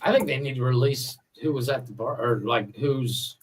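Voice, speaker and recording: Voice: mid-range voice, moderate pace, over a noisy crowd. A podcast co-host teasing and sarcastic in casual banter.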